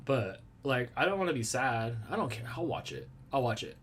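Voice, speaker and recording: A man's voice: medium pitch, lively intonation, moderate pace, fairly bright tone, a little hiss or hum. A man hosting a casual live stream from a small room at home. He rambles in a playful way, answers viewer comments and jokes about himself. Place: small room at home with a red wall and lava lamps.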